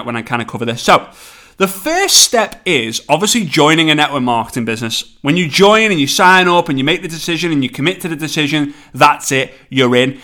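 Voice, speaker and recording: A man with a Scouse accent hosting a solo motivational podcast as a network marketing coach, speeding up in bursts and slowing down for emphasis. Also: on the high side. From England. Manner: energetic, pace swings between quick bursts and slow emphasis.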